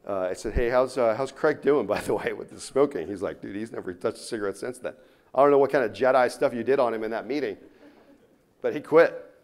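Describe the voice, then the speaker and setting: A man giving a motivational keynote to a live audience, telling stories and swinging between loud punches and quiet asides. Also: mid-range voice, fairly quick. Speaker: keynote speaker. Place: conference room before a live audience.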